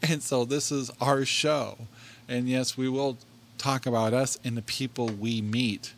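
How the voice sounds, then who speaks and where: A man's voice: medium pitch, fairly even intonation, measured pace, slight background noise. A middle-aged man hosts a laid-back podcast, speaking into a desk microphone in a mid-range voice. He rambles, laughs often and restarts his sentences as he tells stories. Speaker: podcast co-host. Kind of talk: casual podcast monologue.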